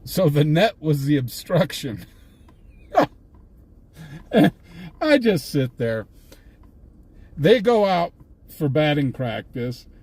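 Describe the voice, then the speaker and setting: A man's voice: on the high side, a little mellow, no room sound. An older man, an independent reporter on a live stream, telling a long amused story in a rambling, casual way, with many restarts, from inside a vehicle. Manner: rambling, amused anecdote-teller with frequent restarts. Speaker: independent scanner-chasing reporter.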